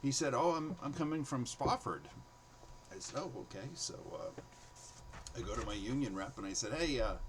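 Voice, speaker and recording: Poor audio with slight background noise carries a man's mid-range voice. He used to teach, and in a relaxed monologue he tells classroom stories, animatedly doing the students' voices as quoted lines.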